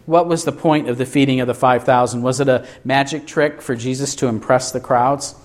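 A man preaching a sermon, asking his listeners rhetorical questions and answering them himself with emphatic, deliberate delivery. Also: mid-range voice, fairly even intonation.

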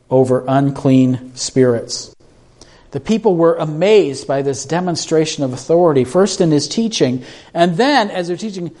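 In a slightly high voice with a darkish tone, a man gives a conversational sermon, questioning his audience and, speaking off the cuff, repeating words and restarting his sentences.

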